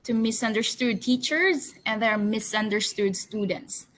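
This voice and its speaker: A woman teacher runs a storytelling lesson for young children, her voice sitting a little high and ringing bright. She speaks very slowly, with cheerful coaxing questions, and has the class repeat each word after her. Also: poor audio. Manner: drills words with slow call-and-response repetition. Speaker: English teacher.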